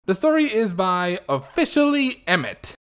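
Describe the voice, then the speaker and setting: A man's voice: sits high, very animated, moderate pace, a bit bright, smooth. A man hosting a podcast, giving casual, wry commentary with a sarcastic edge. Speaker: podcast host.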